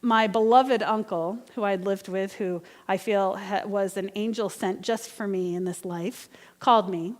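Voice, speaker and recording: A woman's voice: medium pitch, flat delivery, normal speed, hardly any pauses, in a large hall. A woman minister delivering an earnest, conversational sermon with personal storytelling. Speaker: guest minister. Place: church sanctuary.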